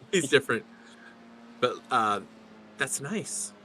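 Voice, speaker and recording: A man's voice: mid-range voice, lively intonation, takes it slowly, pushed and bright, a little hiss or hum. A middle-aged man commentating a sim race, chatty and rambling, often laughing.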